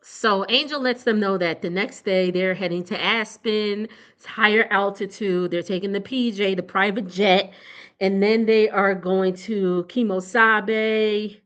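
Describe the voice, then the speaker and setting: A woman's voice: mid-range voice, fairly even intonation, unhurried, a bit bright, smooth. A young adult woman, giving a casual, blunt TV recap that is chatty and full of laughter. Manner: chatty and blunt, laughing often, addressing viewers as y'all. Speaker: TV recap vlogger.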